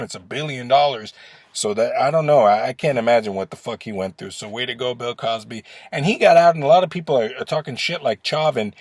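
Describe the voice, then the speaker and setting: A man's voice: a little high, no room sound. A man ranting in a casual, rambling way, swearing often and restarting his sentences as he goes. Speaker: vlogger. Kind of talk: casual opinion rant.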